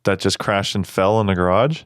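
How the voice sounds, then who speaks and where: Excitable low-voiced young man. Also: moderate pace, clear, resonant tone, dry recording, studio quality. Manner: over-the-top, excitable, swearing. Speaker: podcast co-host. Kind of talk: casual chat.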